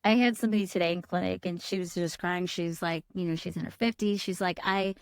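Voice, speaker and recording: A woman's voice: fairly low pitch, steady tone, fast, dry recording, clean studio sound. A woman plastic surgeon hosting a casual podcast, telling patient stories in a reflective, talkative way with many fillers. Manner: warm, reflective storytelling with frequent fillers.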